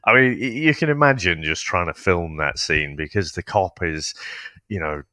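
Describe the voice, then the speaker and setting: Very deep voiced guy, bright and bouncy, laughing through movie trivia on a podcast. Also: animated, normal speed, no echo, studio quality. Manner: laughs often, shares trivia with stammered starts. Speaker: podcast co-host. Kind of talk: casual film chat.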